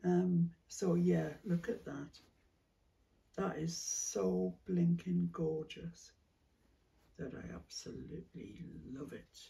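A woman chatting casually as she sorts fabric for a craft vlog, musing aloud and dropping into soft whispered asides, with a cough now and then. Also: fairly low pitch, vocal fry, distant mic. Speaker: craft vlogger. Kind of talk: casual chat while sorting fabric.

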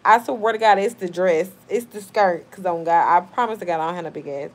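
A woman's voice: lowish voice, a little fast. A woman in her thirties hosting a live stream, reading out viewer comments in a blunt, heated, profane way.

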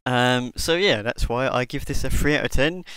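A man talks through a costume mask review in a loose, rambling way, often circling back on himself. His voice is smooth and resonant, mid-pitched. The recording is dry and close. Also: moderate pace, a bit bright, dry recording, rough recording. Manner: rambling, hesitant, with many fillers. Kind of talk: casual product review.

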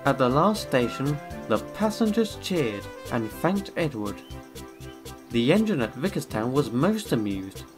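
A man narrates a children's storybook in an expressive way, his pitch rising and falling freely. Music plays clearly underneath him. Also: a little slow.

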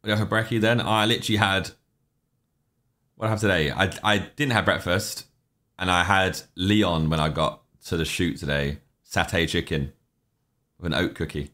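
This young man's low-pitched voice has a sharp tone and moves at normal speed. He's casually chatting on a livestream, rambling and giving offhand opinions in reply to chat messages.

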